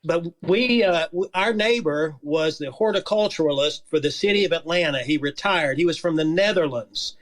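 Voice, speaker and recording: A man, a beekeeper guest on a radio show, telling stories in a calm, measured way. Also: on the high side. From Georgia, USA. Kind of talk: casual radio interview.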